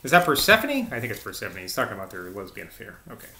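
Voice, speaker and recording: A man's voice: on the low side, wildly swooping pitch, racing, bright, forceful tone, reverberant. A man reading a novel aloud, informal and chatty, breaking off with casual asides. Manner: informal, chatty, self-interrupting. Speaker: audiobook reader.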